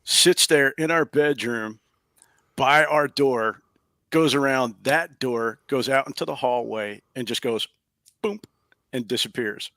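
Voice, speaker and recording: Over a video call from his home office, a male paranormal investigator tells a story in an animated, casual way, chuckling along. His medium-pitched voice moves slowly, and the recording is dry.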